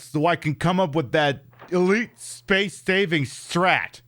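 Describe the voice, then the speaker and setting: A man's voice: fairly high pitch, measured pace, a bit bright, dry recording. A man with a North Jersey accent giving casual, joking and profane commentary while streaming a game. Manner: profane, joking, talks to chat.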